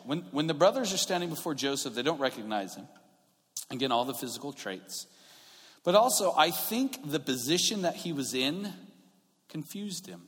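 In a church sanctuary with a long hall echo, a pastor with a medium-pitched, slightly bright voice preaches conversationally. He grows more emphatic as he goes and often restarts his sentences.

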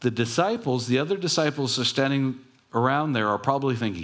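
A man's voice: medium pitch, brisk, fairly bright tone. A man preaching a sermon in a conversational, storytelling way, acting out quoted voices and adding self-correcting asides. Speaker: pastor.

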